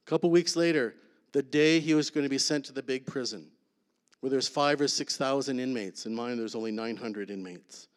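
With a mid-range voice echoing in a large hall, a guest speaker tells his story in measured, earnest phrases. Pausing for effect, he often drops into a soft, intense hush to land points, much like a church testimony.

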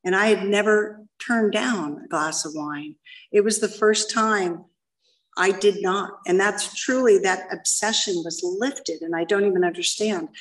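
Speaking unhurriedly at medium pitch, a middle-aged woman tells her story at a recovery meeting, candid and self-deprecating before a live audience in a meeting room. Her voice is recorded from a distance.

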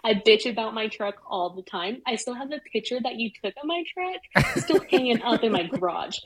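A middle-aged woman telling a personal story in casual chat, animated and swearing freely. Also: a little high, brisk, slight background noise, poor audio. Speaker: guest.

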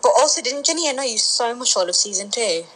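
A young woman co-hosting a podcast over a phone call, chatty and quick to laugh. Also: a little high, lively intonation, fairly bright tone. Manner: chatty, laughing, eager interjections. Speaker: podcast co-host. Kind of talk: casual chat.

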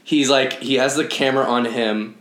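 A man's voice: medium pitch, fairly even intonation, normal speed, a bit bright. A young man co-hosting a podcast, hesitant and rambling, full of fillers in casual chat. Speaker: podcast co-host. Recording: roomy echo.

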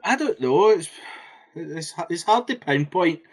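A man's voice: fairly high pitch, expressive, unhurried. A man co-hosting a podcast, trading dry, sarcastic wisecracks in casual chat. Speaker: podcast co-host.

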